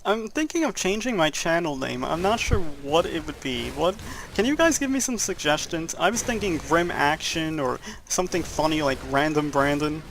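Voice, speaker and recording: Young male gamer, rough-edged gravelly tone, chatty and jokey, casual let's-play commentary. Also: a little high, animated, normal speed, a bit bright, slight background noise. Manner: rambling, jokey, laughs at his own jokes. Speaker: gameplay commentator.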